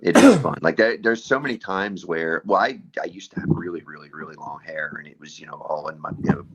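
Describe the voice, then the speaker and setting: A male host of a wrestling talk show, chatting in a relaxed, agreeable way and restarting phrases as he talks. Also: rumbling low, brisk, breathy edge, dull audio. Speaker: podcast host. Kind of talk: casual interview chat.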